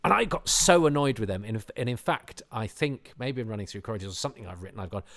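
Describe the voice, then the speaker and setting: A man hosting a podcast, giving rambling, self-deprecating commentary with animated asides. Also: on the low side, fast. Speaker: podcast host. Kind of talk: casual commentary.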